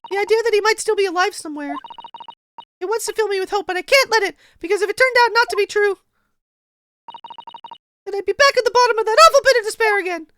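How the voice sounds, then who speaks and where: A man voicing a polite, gentle young woman assistant from a mystery game in a soft, high falsetto. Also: quick pace, pauses often, a little hiss or hum. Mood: earnest. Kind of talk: reading game dialogue aloud.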